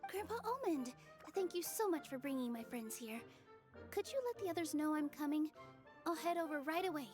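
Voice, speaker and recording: A young woman voicing a gentle, cheerful young dancer in a game cutscene, soft, friendly and a bit apologetic. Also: high-pitched, animated, fairly quick, faint music behind.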